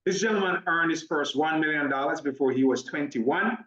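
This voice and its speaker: A man with a Jamaican accent giving an upbeat, persuasive online sales presentation, talking fast when excited. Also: a little high, reverberant, recorded from a distance, lo-fi sound. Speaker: business opportunity presenter.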